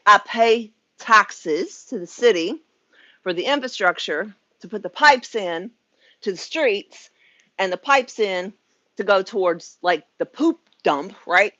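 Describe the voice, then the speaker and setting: A middle-aged American woman who works as a spiritual life coach vents frankly to viewers in a casual vlog rant from home, chatty, swearing, laughing and sweaty. Her medium-pitched voice sounds pushed and bright, and the lo-fi recording has no echo.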